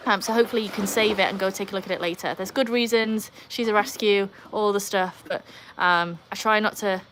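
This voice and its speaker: This woman hosts a live stream, talking casually in her North Yorkshire accent and making wry, self-deprecating asides; she comes from North Yorkshire, England. Her medium-pitched voice is fairly bright with fairly even intonation and a slightly quick pace. A little hiss or hum is present.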